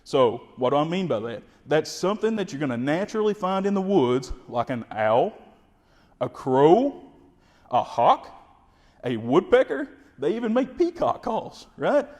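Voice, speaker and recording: A man with a Kentucky accent, explaining turkey calling in a folksy, energetic way and imitating the birds. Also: on the high side, normal speed, few pauses, in a large hall. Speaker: wildlife information specialist. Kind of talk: instructional explanation.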